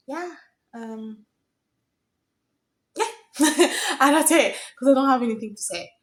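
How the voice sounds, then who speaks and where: A young woman from Africa telling a story in a casual vlog, chatty and excitable, getting loud when thrilled. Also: mid-range voice. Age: young adult. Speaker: vlogger.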